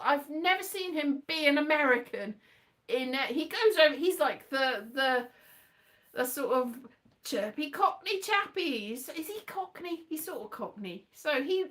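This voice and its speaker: Woman host, high voice, very animated pitch, rambling chatty solo talk. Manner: chatty, wandering, thinks aloud, breaks into sing-song.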